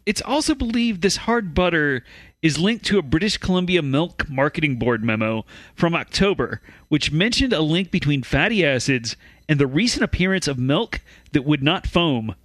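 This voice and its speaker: Man, comedy podcast co-host, reads stories aloud, stumbles and restarts, fairly high voice, very animated, dry close sound. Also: moderate pace, no room sound.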